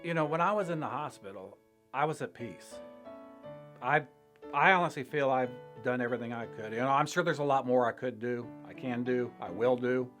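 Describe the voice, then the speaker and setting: An older man of middle pitch tells his own story in a halting, reflective way, pausing between thoughts and laughing quietly now and then. He speaks plainly, like in an interview, while faint guitar music plays softly underneath. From Illinois, US. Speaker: church member sharing testimony. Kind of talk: personal testimony interview.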